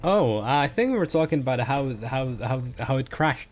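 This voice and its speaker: A man's voice: medium pitch, lively intonation, moderate pace, crowd noise. A man casting an esports match, breaking down picks and teasing his co-caster.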